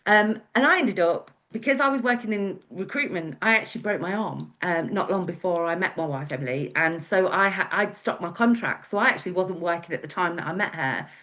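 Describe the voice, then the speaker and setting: This guest speaker, an English wedding celebrant, races through her life story briskly with hardly any pauses, animated and meandering with many fillers. Her fairly low voice has a sharp tone, captured in a muffled recording of this casual storytelling talk.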